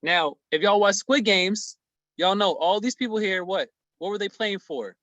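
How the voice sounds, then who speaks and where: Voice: mid-range voice, normal speed, fairly bright tone, no room sound. A trading instructor teaching a casual screen-share lesson, slangy and playful, stressing points and checking in with "okay?" over and over. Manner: slangy, playful, emphatic, asks "okay?" constantly.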